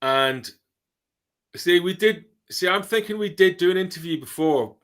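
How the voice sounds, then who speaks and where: Chatty British man, higher voice. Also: animated, normal speed, a bit bright. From Britain. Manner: chatty, storytelling, rambling questions. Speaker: podcast host, drummer. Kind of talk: casual interview chat.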